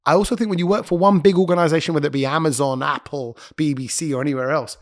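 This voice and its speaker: A man, a radio presenter, chatting as a podcast guest and telling stories quickly, often breaking off to correct himself. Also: fairly high pitch. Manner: quick, chatty storyteller who interrupts himself. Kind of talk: casual interview chat.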